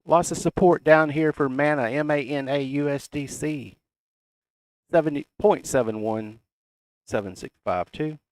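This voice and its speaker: A man's voice: a little high, measured pace, no echo. A middle-aged man with a Southern US accent, reading out price levels in casual, folksy chart commentary. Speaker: crypto chart analyst.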